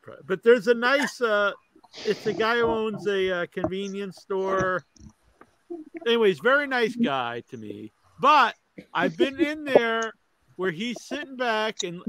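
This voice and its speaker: A man's voice: high-pitched, pushed and bright, rough recording. A man co-hosting a wrestling podcast, rambling through stories in casual chat. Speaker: podcast co-host.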